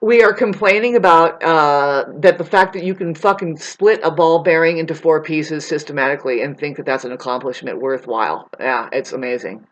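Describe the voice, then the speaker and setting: A man's voice: fairly high pitch, moderate pace, hardly any pauses, lo-fi sound. Brief: male vlogger, rambling profane rant, loose and scattered delivery. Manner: rambling, swears a lot, jumps between topics, restarts.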